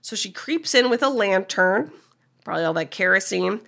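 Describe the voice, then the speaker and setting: A woman podcast co-host casually recapping a movie's plot, telling it with animated energy and frequent fillers. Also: mid-range voice, normal speed, gravelly. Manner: animated storyteller, frequent "like" and laughs.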